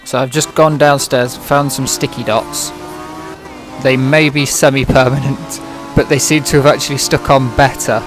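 A man's voice: medium pitch, steady tone, normal speed. Dry, sarcastic-sounding British man. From Britain. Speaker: game streamer. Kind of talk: casual livestream chat. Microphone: microphone close in front of the mouth. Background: music playing.

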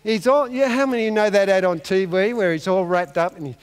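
A pastor with a high-sitting, clear, resonant voice speaks fast as he preaches a sermon. He tells a Bible story with comic energy, acting out the characters, and the large church hall gives the recording a long reverb.

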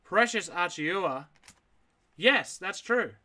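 A man with a bright, forceful voice running a live card break. He reads out names one after another and answers viewers' chat as he goes, in a slightly high register. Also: expressive, takes it slowly. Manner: rattles off names, reacts aloud, chats with viewers. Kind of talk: live card-opening stream.

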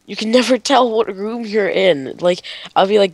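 A woman's voice: medium pitch, a little slow, no echo, low-quality recording. A woman playing a horror game with a friend over voice chat, panicky and repeating exclamations. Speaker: gaming co-player. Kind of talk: casual gaming voice chat.

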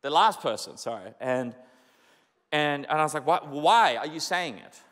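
A young male pastor preaching in a lively, conversational way, full of rhetorical questions and repetition. His voice sits high for a man and swings widely up and down. It rings out with a long hall echo. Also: moderate pace. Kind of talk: sermon. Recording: echoey hall.

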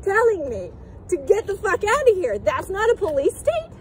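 A woman yelling defiantly at a police officer in a public park, her voice growing sore from shouting. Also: very high voice, huge pitch swings, normal speed. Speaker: mother filming a police encounter. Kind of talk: heated confrontation.

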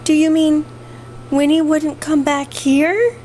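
Lady reading as a high, frantic little girl, begging and teary, faint hiss. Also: fairly even intonation, takes it slowly, dark tone. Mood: pleading. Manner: pleading, breathless. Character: anxious little girl, desperate and tearful.

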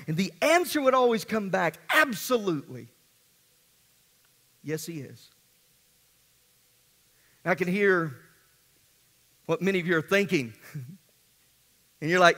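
A man preaching a sermon as pastor, swinging between hushed and emphatic delivery in a church sanctuary. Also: high voice, lively intonation, a little slow, pauses often. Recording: long hall reverb.

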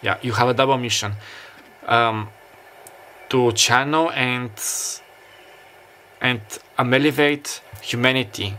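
A man's mid-range voice, pushed and bright with fairly even intonation, carries a pick-a-card tarot reading delivered in a halting, reflective manner with frequent fillers and restarts. A faint summer beach backdrop accompanies him, along with a little hiss or hum.

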